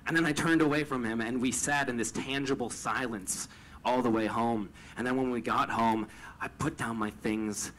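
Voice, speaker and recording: A man's voice: mid-range voice, a bit bright, slight background noise, poor audio. A man telling a personal story with a lot of stammering repetition, retelling it with emotion.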